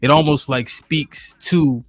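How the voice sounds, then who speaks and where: A man's voice: a little high, steady tone, slow pace, no echo. A man hosting a live-stream podcast, talking in a laid-back, slangy way. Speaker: host. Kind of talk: casual live-stream chat. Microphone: studio microphone.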